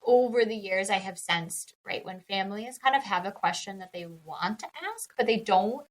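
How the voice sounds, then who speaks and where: An animated woman co-hosting a casual podcast, her voice sitting in a middle register. She talks emphatically and breaks into laughter often. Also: medium pitch, normal speed, rough recording. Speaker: podcast co-host, dyslexia interventionist.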